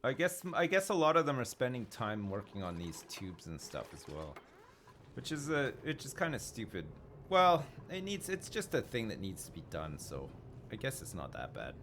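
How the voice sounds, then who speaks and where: Chatty man with lively pitch narrating gameplay. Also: normal speed, a little hiss or hum. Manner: rambling, thinking aloud, swears casually. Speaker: streamer playing a video game. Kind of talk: casual live-stream commentary.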